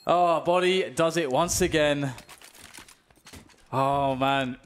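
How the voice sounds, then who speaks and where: A man with a British accent giving fast play-by-play esports commentary and rising to excited shouts at big plays. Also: fairly high pitch, clear, resonant tone. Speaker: esports caster.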